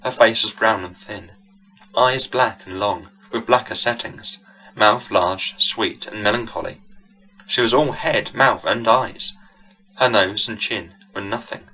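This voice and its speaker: A man narrating a vintage horror story in a measured, deliberate storytelling manner. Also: fairly low pitch, bright, forceful tone, rough recording.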